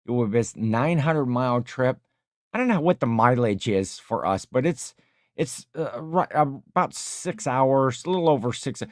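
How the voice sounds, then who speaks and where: A man hosting a casual livestream, reading viewer comments aloud and rambling with many pauses. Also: medium pitch, animated, no room sound, studio quality. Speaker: livestream host.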